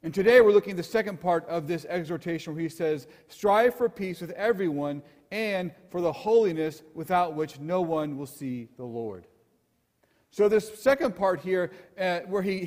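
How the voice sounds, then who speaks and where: High-voiced pastor preaching in a reverberant hall. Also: male voice. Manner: earnest, emphatic preaching with rhetorical questions. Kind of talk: sermon.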